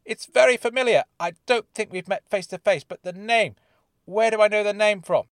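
Performing a character for an audiobook, a man plays a chatty, eager freelance reporter with jovial, theatrical energy. He raises his voice above his own natural pitch to a high register, keeps a moderate pace, and the studio-quality audio has no room sound.

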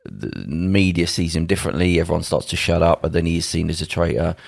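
Speaking from home through a video call, this podcast co-host has a low-pitched voice with vocal fry and talks quickly. He rambles with emphasis, acting out quotes of what others might say. The home mic yields studio-quality audio with no room sound.

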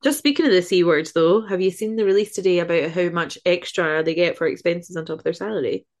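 Woman, lowish voice, wry teasing podcast cohost. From Scotland. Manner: wry, teasing, quick with jokes. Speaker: podcast co-host. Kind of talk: casual chat.

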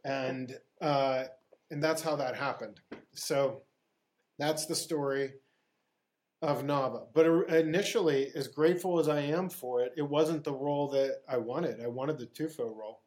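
Animated man from Pittsburgh telling stories. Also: mid-range voice, unhurried. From Pittsburgh, USA. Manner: animated anecdotes, acts out dialogue, laughs often. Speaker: actor, podcast guest. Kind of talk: casual storytelling interview.

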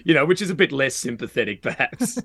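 A man's voice: medium pitch, lively intonation, quick pace, bright, forceful tone, slightly rough. An Australian man guesting on a comedy podcast, riffing sardonically. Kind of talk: comedic panel chat.

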